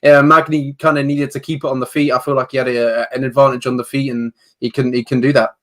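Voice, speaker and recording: Fast-talking man rattling off fight stats. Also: medium pitch, little pitch movement, fairly bright tone. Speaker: podcast co-host. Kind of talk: casual MMA chat.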